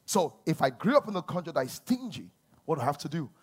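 A man preaching a sermon as a pastor, swinging between loud emphasis and quiet asides. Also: a little high, sing-song, fast, husky.

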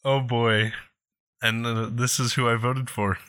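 A man's voice: mid-range voice, little pitch movement, unhurried, noisy background. A man co-hosting a casual gaming podcast, laid-back and laughing easily. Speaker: podcast co-host.

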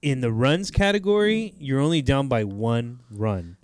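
Smooth-voiced podcast host man. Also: mid-range voice, expressive, measured pace, no echo, studio quality. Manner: steers the segments, reads sponsor lines, teasing. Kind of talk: casual chat.

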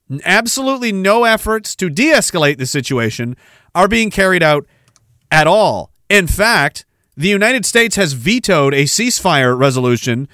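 A man hosts a podcast and gives casual, sarcastic commentary full of profanity. His voice sits slightly high for a man. The recording is dry, with no room sound. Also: a bit bright, dry recording. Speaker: podcast host.

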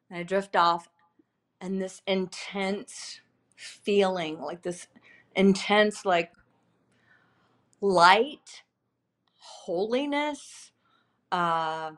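A woman in her fifties, a podcast guest, giving an emotional personal testimony in a halting, repetitive, earnest way with many fillers. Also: mid-range voice.

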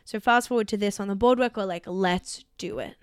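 A young Australian woman co-hosting a podcast, telling stories in an animated way and laughing often. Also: medium pitch, a little fast, clear, resonant tone, no echo, clean studio sound. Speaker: podcast co-host. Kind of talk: casual chat.

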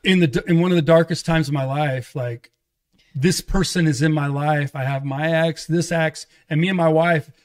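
A man telling his life story to an interviewer in a lively, conversational way, acting out the voices of the people he quotes. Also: fairly high pitch, normal speed. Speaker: pastor and guest. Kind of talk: conversational testimony.

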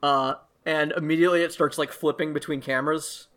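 A man narrating as game master of a tabletop game, chatty and quick to laugh. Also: on the high side, steady tone, fairly bright tone.

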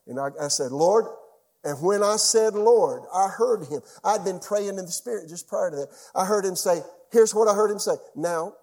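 A male pastor with a high, light voice preaches to his church. He tells his story with animation, rising and falling, and often drops to a near hush for emphasis. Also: creaky, in a large hall. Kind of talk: sermon.

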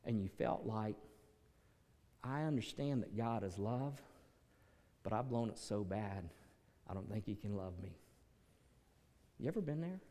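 A man's voice: on the low side, lively intonation, a little slow, pauses often. Preaching man in a reverberant hall. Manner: dramatic, swings from quiet to shouted peaks. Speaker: pastor. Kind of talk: sermon.

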